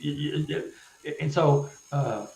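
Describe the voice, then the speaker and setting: Male guest storyteller, halting delivery with stuttered restarts, roomy echoey sound. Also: fairly high pitch, vocal fry. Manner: halting, stuttered restarts, animated when retelling events. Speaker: guest, author. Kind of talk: casual storytelling in a live interview.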